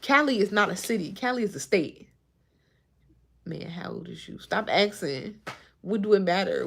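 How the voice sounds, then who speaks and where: A woman's voice: medium pitch, normal speed, vocal fry, slightly rough. A woman in her twenties with a Chicago accent, chatting casually on a livestream and answering her chat. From Chicago suburbs. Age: 20s. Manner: animated, talks back to chat.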